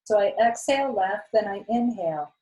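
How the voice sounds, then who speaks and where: A woman's voice: mid-range voice, animated, moderate pace, dark tone, poor audio. A woman yoga teacher talking her class through a practice in a chatty, rambling way with lots of fillers. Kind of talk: casual yoga class talk.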